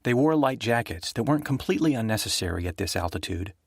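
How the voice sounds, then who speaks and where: A man narrating a thriller audiobook in a steady, even storytelling manner. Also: mid-range voice, fast, slightly rough, no echo, clean studio sound.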